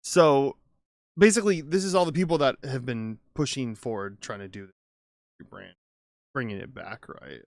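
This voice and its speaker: A man's voice: medium pitch, moderate pace, no room sound, clean studio sound. A man co-hosting a casual podcast chat, joking and stumbling as he reads aloud. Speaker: podcast co-host.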